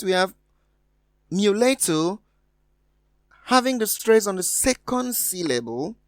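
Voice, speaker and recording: A woman leads an exam-preparation lesson at an unhurried, careful pace, spelling out words and repeating them. Her pitch moves in wide, lively swings as she stresses each answer. The voice sounds dry and close to the mic. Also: dry recording. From West Africa. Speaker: teacher.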